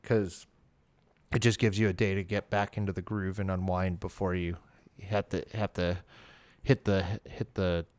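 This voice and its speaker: Young man, smooth clear voice. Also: low voice, little pitch movement, moderate pace, no room sound. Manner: self-deprecating, laughs at himself. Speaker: podcast co-host. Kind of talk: casual podcast chat.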